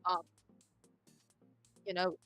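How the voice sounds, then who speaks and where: Slow, hesitant woman in casual chat. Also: fairly bright tone, dry recording, soft background music.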